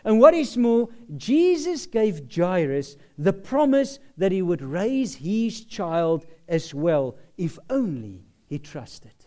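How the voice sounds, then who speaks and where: A man preaching a sermon that explains a Bible passage, expressive, with emphatic bursts of loudness. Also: high-pitched.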